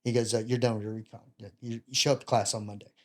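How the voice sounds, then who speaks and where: A middle-pitched man in his fifties spins a casual, lively anecdote, slipping into other people's lines as he retells them. His humor is self-deprecating, and the delivery stays loose and conversational. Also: rapid-fire. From United States. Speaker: podcast guest, retired Navy bomb disposal chief. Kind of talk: casual storytelling.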